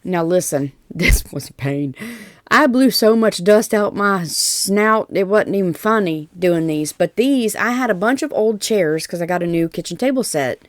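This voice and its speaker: A woman's voice: mid-range voice, animated, normal speed, no echo, clean studio sound. A woman with a Southern US accent, narrating her craft project in a chatty, folksy voiceover, rambling with fillers and asides. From Tennessee. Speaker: DIY crafts vlogger.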